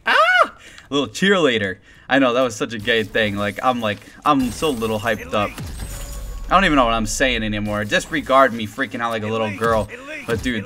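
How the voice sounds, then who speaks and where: A young man giving excited, rambling gameplay commentary as a gaming video host. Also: mid-range voice. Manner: hyped, rambling, shouts and laughs at rare drops. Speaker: gaming YouTuber.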